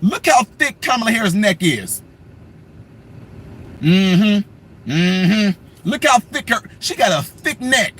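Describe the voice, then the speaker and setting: Animated, mocking man hosting a livestream. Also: high voice, takes it slowly, pauses often, breathy edge. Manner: mocking, animated, reads viewer comments and taunts trolls. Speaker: political livestream host. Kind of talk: casual livestream commentary.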